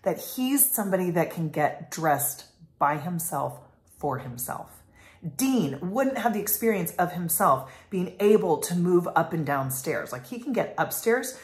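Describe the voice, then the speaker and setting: A woman in her thirties, a life coach talking in a casual vlog monologue, rambling and passionate with many fillers. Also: on the low side. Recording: echoey room.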